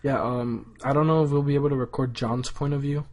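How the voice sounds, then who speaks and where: Casual guy co-hosting a chill podcast, mid-pitched, rambly, swears a lot, tons of "like". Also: fairly even intonation, a little fast, a little mellow. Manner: loose and profane, lots of fillers. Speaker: podcast co-host. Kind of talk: casual chat, storytelling.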